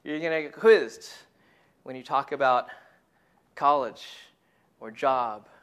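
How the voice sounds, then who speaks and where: A man's voice: mid-range voice, takes it slowly, fairly bright tone, clean tone. A man preaching a casual sermon to young people, conversational and emphatic, who keeps repeating his key phrases.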